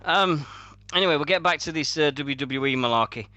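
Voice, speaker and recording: Bloke hosting a radio chat, bright forceful voice, dry close sound, swears a lot telling stories. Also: male voice, fairly high pitch, brisk, no echo. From Sheffield, England. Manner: animated storytelling with heavy swearing and laughter. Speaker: radio show host. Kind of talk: casual chat.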